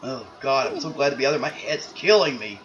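A man's voice: mid-range voice, a little fast, highs cut off, noisy background, close to an everyday voice. A man voicing a cranky, foul-mouthed male ninja turtle who grumbles about a sore head. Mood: grumpy. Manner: grumbling, cursing. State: complaining of a headache.

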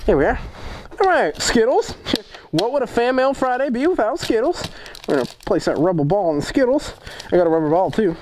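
Brief: male vlog host, high-pitched, profane and jokey, unboxing fan mail. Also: lively intonation, quick pace, darkish tone, slight background noise. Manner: profane, joking, rambling. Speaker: motovlog host.

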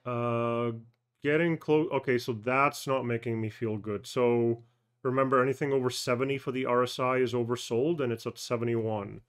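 A man hosting a personal finance channel, thinking aloud through a casual live screen-share walkthrough, halting with fillers and self-corrections. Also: mid-range voice, steady tone. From Canada.

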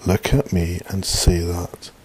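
A man's voice: low voice, little pitch movement, takes it slowly, a little mellow, slightly rough, exaggerated voice. A man voicing a cruel, abusive stepfather who talks with scorn and menace. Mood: contemptuous. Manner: scornful and threatening.

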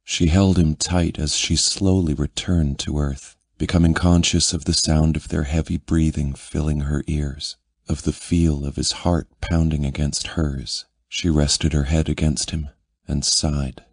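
A man narrating a romance audiobook in a measured, intimate reading. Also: rumbling low, level tone, husky, no echo.

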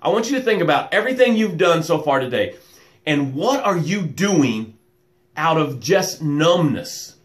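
A man hosting a live motivational stream, welcoming viewers by name and guiding slow breaths. He calls himself loud and boisterous. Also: fairly high pitch, sing-song. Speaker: motivational coach and show host. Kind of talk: live-stream pep talk with guided breathing.

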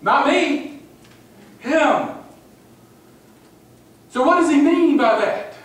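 A man's voice: very high voice, lively intonation, drawn-out words, a bit bright. A male pastor preaching a sermon, emphatic and repetitive, often calling out "amen?" to the congregation. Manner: emphatic, repeats phrases, asks congregation "amen?". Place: church sanctuary. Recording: echoey hall, far from the mic, faint noise.

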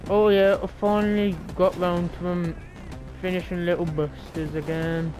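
A woman's voice: fairly low pitch, little pitch movement, moderate pace, a little mellow, soft background music. A woman with an Australian accent giving casual, profane, rambling commentary while streaming a game. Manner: profane, rambling, slangy banter.

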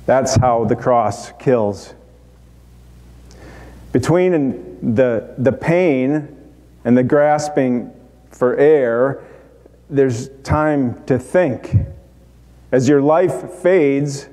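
An actor playing a dying, repentant male thief in a dramatic monologue, speaking in halting, broken phrases. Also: mid-range voice, warm tone. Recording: long hall reverb.

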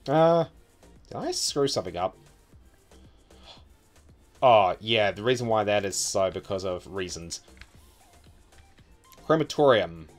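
A low-pitched New Zealand man talks himself through a city-building game in a wry, offhand mutter. Soft music hums faintly underneath, along with the clack of his keyboard. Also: animated, slow pace, long pauses. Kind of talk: casual gameplay commentary.

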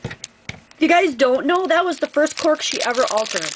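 Female craft vlogger, higher voice, effusive casual unboxing chat. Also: animated, measured pace, noisy background. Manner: gushing, effusive.

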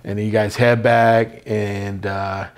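A man interviewing a guest, asking long questions with pauses and restarts. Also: lowish voice, level tone. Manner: hesitant, many fillers and restarts.

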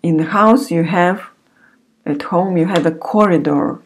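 A woman teacher recording a beginner language lesson, saying each word slowly and repeating it several times for learners to follow. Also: fairly low pitch, slightly rough.

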